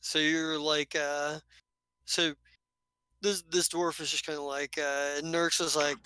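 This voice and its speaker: Rambling game master narrator; bright, forceful tone, dry close mic. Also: medium pitch, little pitch movement, takes it slowly, clean tone, no echo. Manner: rambling, loose, lots of fillers.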